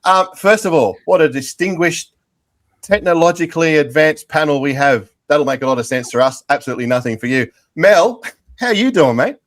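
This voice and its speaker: A man's voice: on the high side, lively intonation, fairly quick. A man hosting a casual football chat over a video call, jokey and rambling, poking fun at himself. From England. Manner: jokey, rambling, self-mocking. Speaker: podcast host.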